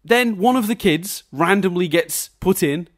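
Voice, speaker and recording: Podcast co-host, male, animated swearing ranter, somewhat high and very lively pitch. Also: measured pace. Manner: laughs often mid-sentence. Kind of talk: casual film review chat.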